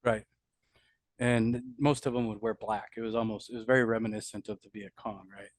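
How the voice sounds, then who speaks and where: This middle-aged former soldier speaks fairly low and fairly fast, with fairly even intonation, as he candidly recounts combat experiences for an interview. He curses freely, talks bluntly, and keeps restarting. No room sound is audible.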